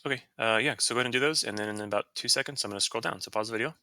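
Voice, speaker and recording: A man teaching a Spanish grammar lesson, explaining casually with fillers and quick self-corrections. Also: medium pitch, pushed and bright, dry recording. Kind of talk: screen-recorded grammar lesson.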